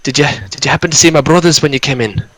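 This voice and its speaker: A man's voice: on the high side, racing, fairly bright tone, pitched above the performer's own voice, close to an everyday voice. A man voicing a shaken, freshly revived dwarf with a put-on Scottish-style brogue, stammering and saying "aye" and "lads". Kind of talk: tabletop role-play voice.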